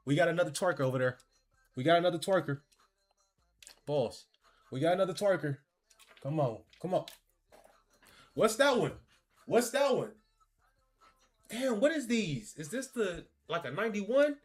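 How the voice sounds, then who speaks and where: A man giving excitable, laughing, slangy pack-opening commentary, talking to the game and cards as he goes. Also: on the high side, normal speed, long pauses. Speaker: gaming video creator.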